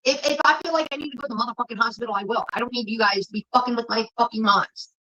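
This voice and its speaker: A woman's voice: fairly high pitch, racing, bright, forceful tone, highs cut off. A woman livestreamer ranting angrily at her chat, swearing often and scolding her viewers. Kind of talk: heated livestream rant.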